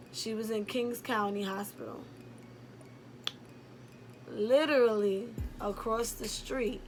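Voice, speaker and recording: A woman's voice: mid-range voice, fairly bright tone. A young woman from Brooklyn tells a personal story in a casual, rambling way, full of "like" and "um". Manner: candid and rambling, heavy on "like" and "um". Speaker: YouTuber telling a personal story.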